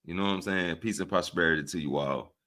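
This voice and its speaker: A man with a Southern US accent hosting a casual livestream, speaking to his viewers in an animated, preachy way and often checking in with them. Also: sits low, quick pace. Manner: animated and preachy, often asks "right?" of listeners. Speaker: livestream host. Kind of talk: casual livestream talk to chat.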